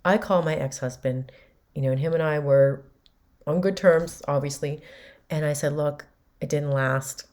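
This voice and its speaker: A woman's voice: sits low, normal speed, darkish tone. A woman host candidly recounting a personal story in a conversational way. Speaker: podcast host.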